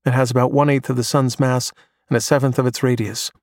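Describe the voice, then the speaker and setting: A man voicing a bright young male pupil who recites facts eagerly. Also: mid-range voice, level tone, brisk, no echo, studio quality, natural voice. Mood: earnest.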